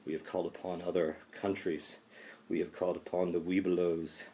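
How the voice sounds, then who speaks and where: Playful mock-grave Washington voiced by a man, deep and gravelly, faint hiss behind. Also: flat delivery, mellow, natural voice. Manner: mock-solemn, playful, halting. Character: George Washington doll voiced comically by a male professor.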